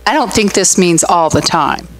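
A woman's voice: fairly low pitch, animated, normal speed, faint music behind, poor audio. A middle-aged woman pastor giving a conversational sermon, telling stories and asking the congregation questions. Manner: chatty, storytelling, asks the room questions.

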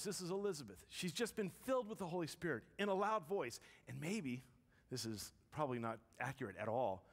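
Woman pastor, chatty sermon delivery, quips and asks the room questions; reverberant sanctuary sound. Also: on the low side. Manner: conversational, joking, questions the congregation. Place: church sanctuary. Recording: long church reverb.

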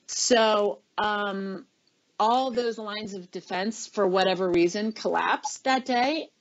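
A middle-aged woman tells a long story in an interview, putting on the voices of the people in it. Her voice sits at an everyday pitch. The audio is a bit dull and lo-fi. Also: takes it slowly. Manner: animated storyteller, acts out quoted lines. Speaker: interview guest, former chief of staff.

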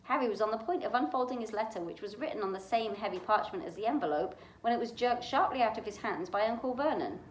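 Library lady reading a chapter book out loud, lively pitch, echoey room. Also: fast, few pauses, slight background noise. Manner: expressive, animated reading. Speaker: library storytime reader. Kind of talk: reading a novel aloud.

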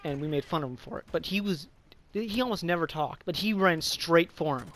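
A man's voice: on the high side, brisk, fairly bright tone, slight background noise. A young man telling a casual story, rambling and profane with lots of fillers.

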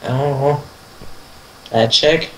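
A co-commentator on a horror game who talks slowly and hesitantly, giving directions between fillers. The voice echoes around the room, with faint noise and keyboard typing behind. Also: medium pitch, a bit bright. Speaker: gamer. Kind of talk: casual let's play commentary.

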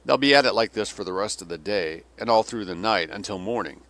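A man's voice: on the low side, brisk, fairly bright tone. A man voicing a weary, cynical older male Russian general who delivers sardonic, bitter tirades.

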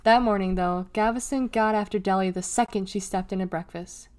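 A woman reads a children's novel aloud at a middle pitch. She lifts her voice for the characters' lines and drops it to a whisper at times. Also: brisk, hardly any pauses. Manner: expressive, acts out dialogue with raised pitch and whispers. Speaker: reader.

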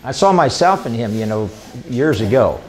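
An older man, an evangelist, talking through an informal, rambling sermon with excitable enthusiasm. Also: mid-range voice, normal speed. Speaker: evangelist hosting a ministry show. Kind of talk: informal sermon talk to camera.

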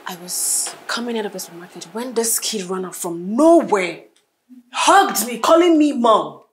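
An actress playing a young woman recounting an odd encounter, in an animated, storytelling manner. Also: medium pitch, normal speed, breathy edge. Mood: puzzled. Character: young woman mistaken for a child's late mother. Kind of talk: film acting.

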